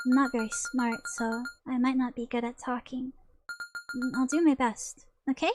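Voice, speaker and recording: A high, light voice of a strange, childlike young woman under suspicion, as a woman reads her lines aloud. She speaks softly and haltingly, asking one naive question after another. Music plays clearly underneath. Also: steady tone, lightly acted. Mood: wondering. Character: odd, childlike young woman murder suspect. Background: background music.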